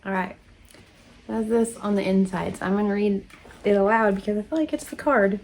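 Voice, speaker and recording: A woman's voice: mid-range voice, fairly quick, darkish tone, slight background noise. A woman vlogger opening mail on camera, chatty and rambling, gushing and laughing often. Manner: gushing and emotional. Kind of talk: casual chat.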